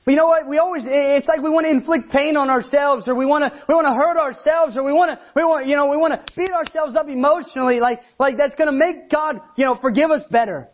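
A man preaching a sermon, animated, acting out the voices he quotes. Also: extremely high pitch, fast talker, few pauses, lo-fi sound.

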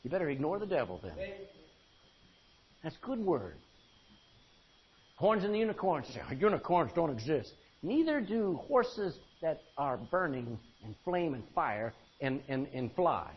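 Husky-voiced preacher man, lo-fi recording. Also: on the high side, sing-song, measured pace. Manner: emphatic, swinging from loud to quiet; folksy, calls for amens. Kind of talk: sermon. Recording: dull lo-fi recording.

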